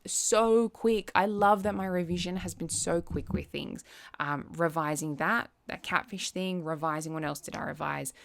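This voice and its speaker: A young woman vlogger talking casually to the camera, chatty and quick to act out little quoted asides. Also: sits low, steady tone, creaky, a bit bright. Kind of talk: casual chat.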